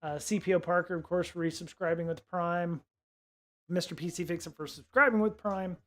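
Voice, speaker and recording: Rambling man hosting a livestream, higher voice. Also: steady tone, fairly quick, fairly bright tone. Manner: rambling, full of fillers and restarts. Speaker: livestream host. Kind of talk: casual livestream chat.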